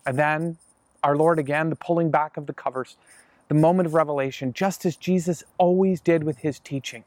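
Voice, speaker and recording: A man's voice: fairly high pitch, fairly even intonation, fairly quick, darkish tone, dry recording, lightly acted. A man playing an earnest male disciple, speaking straight to the audience in a chatty first-person monologue. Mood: explaining. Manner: conversational, earnest, addresses listeners directly.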